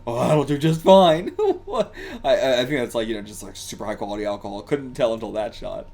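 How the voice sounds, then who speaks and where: A man hosting a casual reaction commentary, excitable and laughing often, swearing freely and rambling with lots of fillers. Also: lowish voice, fast. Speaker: reaction channel host.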